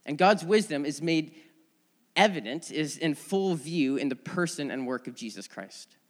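A man's voice: on the high side, animated, normal speed. A man giving a sermon in a church, earnest and conversational, often restarting his phrases as he tells a story. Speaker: preacher. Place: church sanctuary. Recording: long church reverb.

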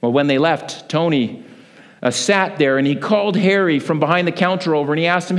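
A man delivers a sermon as a pastor, his voice sitting a little high. He slides into storytelling, acting out the people in it. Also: brisk. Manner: lively storyteller, acts out quoted voices.

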